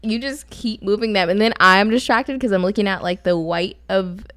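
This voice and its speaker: A woman's voice: mid-range voice, moderate pace, fairly bright tone, no echo. A young woman co-hosting a podcast over a video call, chatting casually, giggling and rambling. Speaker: podcast co-host.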